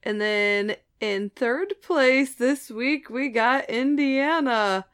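A woman co-hosts a casual podcast, reading a listener story and bantering. Her voice sits a little high, and she jokes with easy laughter and swearing. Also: slow, a bit bright, clean tone. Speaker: podcast co-host.

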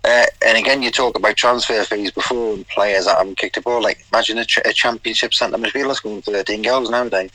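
Casting: middle-aged Geordie man, rambling anecdotal guest, bright tone, dry close sound. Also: lowish voice, steady tone, fast talker, hardly any pauses, no room sound, poor audio. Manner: rambling anecdotes with quoted dialogue and restarts. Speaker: guest, former footballer. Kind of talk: casual interview storytelling.

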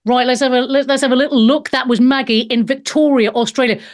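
A woman's voice: high-pitched, fairly even intonation. Effusive woman hosting a live talk show. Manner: effusive, affectionate, halting. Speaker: host.

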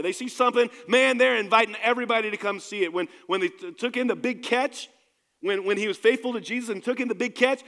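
Emphatic preacher with a slightly high voice. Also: male voice, quick pace, fairly bright tone, in a large hall. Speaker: pastor. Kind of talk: sermon. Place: church.

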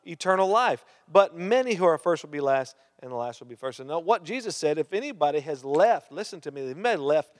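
A man's voice: a little high, animated, fairly quick, hardly any pauses. A man preaching a sermon, reading scripture aloud and breaking off to question and joke with the congregation. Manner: reads scripture, then asks the crowd questions and jokes. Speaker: pastor. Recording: long hall reverb.

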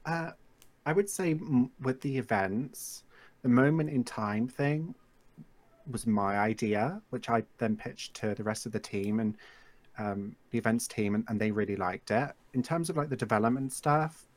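A man's voice: mid-range voice, normal speed. A man from England with an English accent, chatting as a podcast guest about running a game server, easygoing and self-deprecating. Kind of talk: casual podcast chat.

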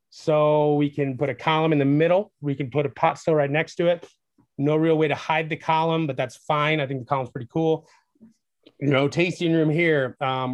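Young man with a fairly high voice, excitable and rambling, telling an interview story, dry close-miked sound. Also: dry recording. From Wisconsin, USA. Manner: excitable, rambling, acts out quoted dialogue. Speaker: distillery founder, guest.

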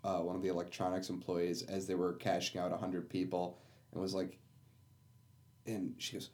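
A man in casual chat, animated, acting out quotes with big jumps in pitch. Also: a little fast.

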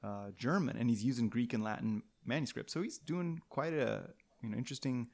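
A man with a gravelly voice at a middling pitch, telling a history story on a podcast. He talks casually and playfully, rambling off into tangents and restarting his sentences. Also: brisk, darkish tone.

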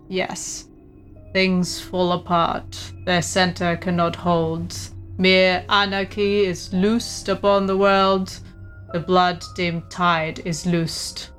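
A woman's voice: on the low side, fairly even intonation, a bit bright, faint music behind. A woman voicing a grave aristocratic Russian prince, a male cavalry officer who speaks formally with a Russian accent. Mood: solemn. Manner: formal, courtly, measured.

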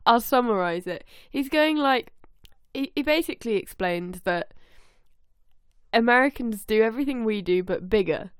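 A woman co-hosting a podcast over a remote call, her voice smooth and clear. She teases and laughs easily in relaxed chat. The sound is dry and close, with no room around it. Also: on the high side, moderate pace, no echo. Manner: laughs often, teasing, chatty. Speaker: podcast co-host. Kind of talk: casual chat. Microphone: own microphone, remote call.

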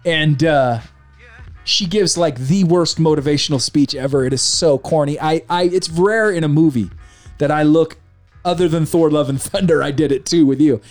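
A man casually ranting about a film on his show, animated and mocking, with a faint music bed. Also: a little high, moderate pace. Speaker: podcast host reviewing a film. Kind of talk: casual opinionated chat.

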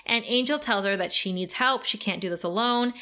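A young woman hosting a podcast, recapping an episode in casual, animated chat with laughter and swearing. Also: mid-range voice, brisk. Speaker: podcast host.

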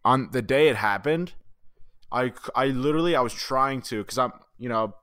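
A man co-hosting a sports podcast, with a smooth, resonant, mid-range voice. He tells stories in a relaxed, chatty way. The sound is close and dry. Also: medium pitch, normal speed, no room sound. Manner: storytelling, laid-back, casual swearing. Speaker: podcast co-host. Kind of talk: casual sports chat.

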